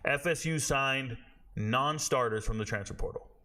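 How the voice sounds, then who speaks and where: A man's voice: medium pitch, moderate pace, sharp tone. A man in his forties hosting a sports show, ranting bluntly in casual talk and swearing freely. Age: 40s.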